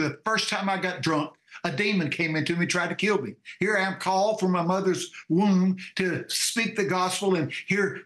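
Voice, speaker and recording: Emphatic preacher, high voice. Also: male voice, a bit bright. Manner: emphatic, with frequent restarts. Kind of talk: testimony storytelling. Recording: roomy echo.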